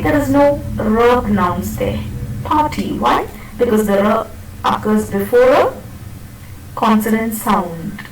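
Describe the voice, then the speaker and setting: A woman teaches pronunciation in a classroom lecture, her mid-range voice set against a noisy background. Captured from afar in an echoey room, she patiently repeats and demonstrates words and makes sure the students keep up.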